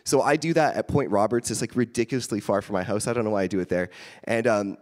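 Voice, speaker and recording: A fairly low-voiced man preaching casually from the front of a church, telling stories on himself with easy humor. His voice rings out with a long reverb, as in a large hall. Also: fast talker. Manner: chatty, self-deprecating storyteller, animated in anecdotes. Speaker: pastor. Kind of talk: casual sermon with stories and jokes.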